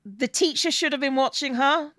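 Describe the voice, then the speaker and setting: A woman's voice: high-pitched, moderate pace, fairly bright tone, no echo, studio quality. A woman streaming a game, casually chatting and scolding the characters on screen. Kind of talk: casual gameplay chat.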